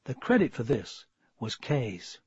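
A man narrating a children's story in an expressive, measured way, on a dull, dry lo-fi recording. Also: medium pitch, slightly rough, no room sound.

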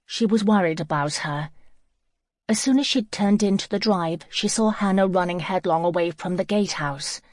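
Low-voiced woman narrating an audiobook. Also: normal speed, no room sound, clean studio sound. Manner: calm, even storytelling. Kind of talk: scripted narration.

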